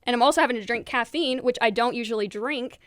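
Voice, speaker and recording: A woman hosting a podcast, talking candidly and quickly with frequent laughter. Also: a little high, a bit bright, dry recording, studio quality. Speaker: podcast host. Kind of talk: casual chat.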